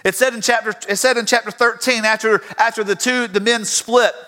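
A man's voice: high voice, brisk. A man preaching a sermon, telling stories and acting out their voices. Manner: animated storytelling, acts out voices. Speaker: pastor. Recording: reverberant hall.

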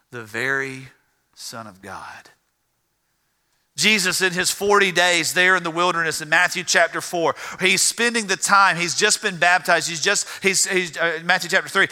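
Male pastor, high bright voice, emphatic preaching that drops to near-whispers, long hall reverb. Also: expressive, unhurried. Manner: impassioned, swings from loud emphatic to hushed. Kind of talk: sermon.

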